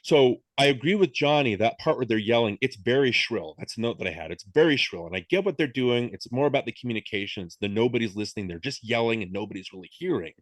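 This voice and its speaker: A middle-aged man co-hosts a casual film podcast, thinking aloud and poking fun at himself. His voice sits at an ordinary middle pitch. The recording is close and dry. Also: animated, quick pace, few pauses, no echo. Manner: self-deprecating, thinks aloud with frequent "right?". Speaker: podcast co-host.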